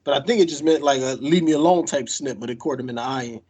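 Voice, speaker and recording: A man's voice: mid-range voice, a little mellow, breathy edge. A man co-hosting a podcast, chatting casually in slang and acting out what people said. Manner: slangy, quotes people in quick asides. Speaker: podcast co-host. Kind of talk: casual chat.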